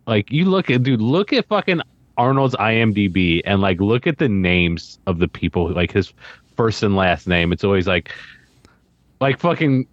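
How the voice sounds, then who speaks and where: Man, low voice, casual podcast chat, muffled dry audio. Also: lively intonation, normal speed, no room sound. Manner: laid-back, swearing, filler-heavy. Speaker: podcast co-host and guest.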